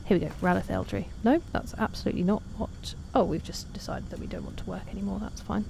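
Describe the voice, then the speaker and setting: A woman's voice: medium pitch, fairly even intonation, fast talker, vocal fry, background noise. A woman streaming a game, chatting casually and self-deprecatingly while reading out her chat.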